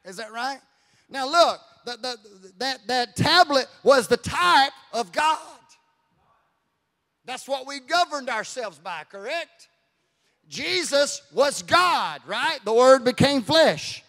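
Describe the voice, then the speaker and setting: A man preaches in a very high, ringing voice, drifting between hushed asides and shouted declarations. His sermon fills a church sanctuary, and the words trail off in a long echo. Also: expressive, slow. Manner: fervent preaching, swings from quiet asides to shouting. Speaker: pastor.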